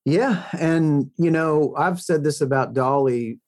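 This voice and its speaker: A man's voice: on the high side, slow, a little mellow. A middle-aged man, a country singer guest, telling stories in a casual self-mocking way. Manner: chatty storyteller, self-mocking, frequent restarts. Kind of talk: casual interview chat.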